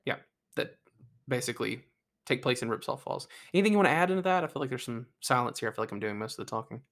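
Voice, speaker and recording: A man's voice: mid-range voice, expressive, quick pace, a bit bright. A man co-hosting a casual podcast, reading facts aloud and breaking off into jokes and asides. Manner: reads ride facts then jokes and asides. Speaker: podcast co-host. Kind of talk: casual chat.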